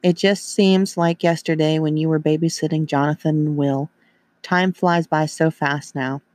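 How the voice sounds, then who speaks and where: A man's voice: a little high, steady tone, moderate pace, a little mellow, no room sound, natural voice. A man voicing a friendly, chatty middle-aged mother.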